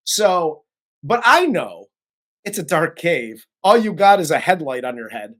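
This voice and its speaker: A host recapping and reviewing a horror film in casual chat, profane and animated. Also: medium pitch, measured pace. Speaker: podcast host.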